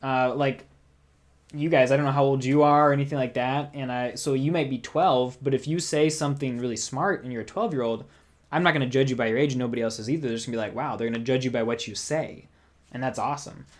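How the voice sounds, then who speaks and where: A man's voice: medium pitch, steady tone, fast talker. Chatty young man hosting a livestream. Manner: rambling, chatty, reads out viewer comments. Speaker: music channel host. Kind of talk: casual livestream chat.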